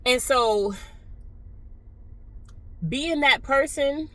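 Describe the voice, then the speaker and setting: A middle-aged woman chatting casually in a vlog, nonchalant and talkative, dropping into hushed asides and then speaking up again, recorded on a phone while riding a bus. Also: high-pitched, drawn-out words, dry recording, rough recording. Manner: nonchalant, chatty, drifts between hushed asides and louder telling. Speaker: vlogger.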